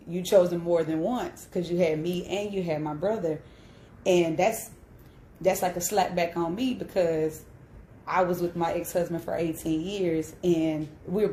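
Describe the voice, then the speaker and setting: A woman's voice: lowish voice, mellow, slight background noise. Candid woman telling her story in an echoey room. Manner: candid and emphatic, with frequent "right?" tag questions. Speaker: host. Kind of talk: personal storytelling on a live stream.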